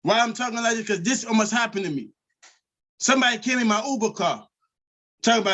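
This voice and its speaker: A man hosting a live stream, telling rambling comedic stories loudly and animatedly. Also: high-pitched, quick pace. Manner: loud, rambling, animated storytelling. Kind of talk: unscripted comedic rant.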